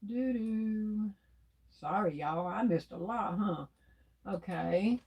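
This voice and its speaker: A woman's voice: on the low side, unhurried, creaky, husky, highs cut off. Chatty woman hosting a craft livestream. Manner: chatty, addresses viewers as "y'all". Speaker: livestream host making gift baskets. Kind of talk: casual live demonstration talk.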